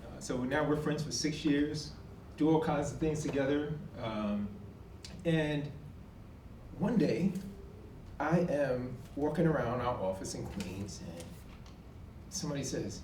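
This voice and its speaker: A man's voice: a little high, a little slow, pauses often, distant mic, slight background noise. Man telling a story in an echoey hall. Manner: animated, acts out quoted dialogue with emphatic outbursts. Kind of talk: live personal storytelling. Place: college event hall.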